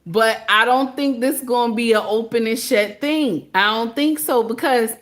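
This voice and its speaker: A woman's voice: on the high side, normal speed, a bit bright. A woman vlogger giving casual commentary, chatty and repetitive, often breaking into laughter.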